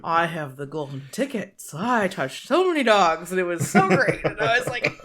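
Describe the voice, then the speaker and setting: A woman co-hosting a podcast, chatting casually and telling animated stories with quoted voices and frequent laughter. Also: fairly low pitch, moderate pace, a crowd in the background. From United States. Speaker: podcast co-host. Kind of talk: casual chat.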